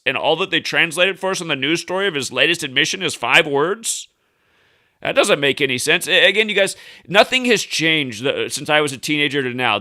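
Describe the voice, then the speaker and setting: A man in his thirties, a conspiracy news commentator, rants casually in a fairly high, bright, smooth voice with a forceful tone. His indignant commentary rambles, emphatic and full of restarts.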